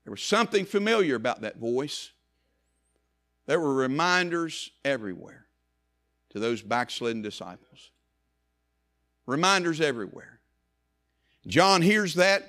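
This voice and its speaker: A man preaching a sermon with passion, rising to loud emphasis and dropping to hushed low passages, repeating phrases for effect. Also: big pitch swings, a little slow, long pauses.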